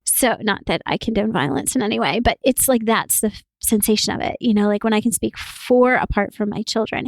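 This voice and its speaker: A woman co-hosting a casual podcast conversation, talking in an animated way and laughing often as she explains. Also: medium pitch, a little fast, few pauses, no room sound. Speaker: podcast co-host.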